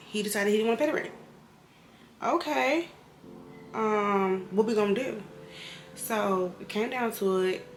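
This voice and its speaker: A woman, slightly tipsy, pours out a candid, emotional personal vlog in a mid-range voice, rambling and at times heated. Music plays clearly in the background throughout. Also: medium pitch, echoey room. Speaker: vlogger, single mother.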